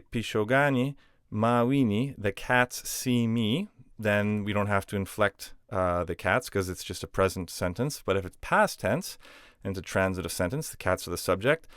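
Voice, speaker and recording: A man's voice: lowish voice, a bit bright, clear, resonant tone, no echo, studio quality. A man teaching a grammar lesson, explaining patiently step by step with spoken examples. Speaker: language teacher.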